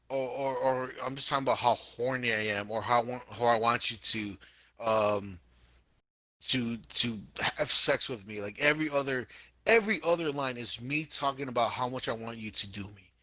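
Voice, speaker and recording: Bright-voiced, emphatic podcast guy. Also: mid-range voice, moderate pace, dry recording. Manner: animated, emphatic, repeats himself. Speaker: podcast co-host. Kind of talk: casual chat.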